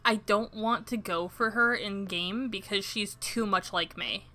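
A young woman chatting casually while livestreaming a game, talkative and quick to poke fun at herself. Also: mid-range voice, sharp tone. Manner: chatty and self-deprecating. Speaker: streamer.

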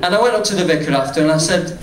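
A man's voice: on the high side, racing. A man with a Northern English accent telling a stand-up story, chatty, swearing freely and laughing at his own jokes. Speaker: stand-up comedian. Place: comedy club stage with audience. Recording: roomy, distant live recording with noise.

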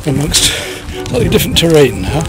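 A man trains a young gundog outdoors, mixing short commands with enthusiastic, sing-song praise. His voice sits high and leaps around in pitch. Loud music plays over the outdoor recording. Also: sing-song, brisk. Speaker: dog trainer. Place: outdoors in the countryside. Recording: outdoor field audio under loud music.

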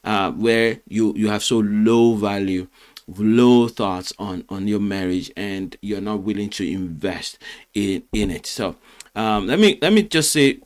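Earnest man coaching on marriage. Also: fairly low pitch. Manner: earnest, repeats words, many fillers and restarts. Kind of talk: motivational Christian talk.

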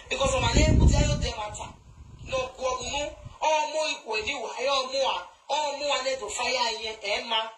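A woman's voice: a little high, bright, forceful tone, roomy sound, slight background noise, low-quality recording. A woman speaking with a Nigerian Pidgin English accent, scolding and confronting viewers in a live social media video rant, driving her points home with repetition.

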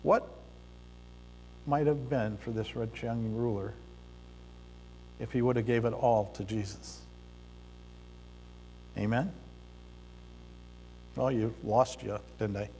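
Slow, deliberate man preaching in a reverberant hall. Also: mid-range voice, fairly even intonation, mellow, a little hiss or hum. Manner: slow, deliberate delivery with pauses and occasional fillers. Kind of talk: sermon with a storytelling close. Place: church sanctuary.

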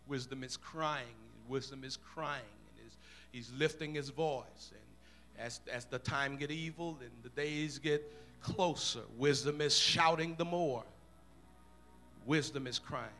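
A male pastor preaching a sermon in a church, repeating phrases in a chanting rhythm and rising from quiet murmurs to shouts. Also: medium pitch, measured pace, faint music behind. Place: church room.

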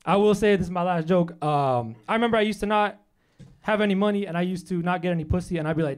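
A young man from New Hampshire doing a quick, deadpan stand-up set in a comedy club. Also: high voice, smooth. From Manchester, New Hampshire, US. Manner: quick deadpan punchlines, voices his family in quotes. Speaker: stand-up comic.

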